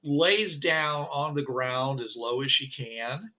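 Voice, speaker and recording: A man's voice: mid-range voice, takes it slowly, very noisy. Rambling man running a tabletop game. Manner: rambling, many fillers and restarts. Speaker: game master. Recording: tinny phone-like call audio.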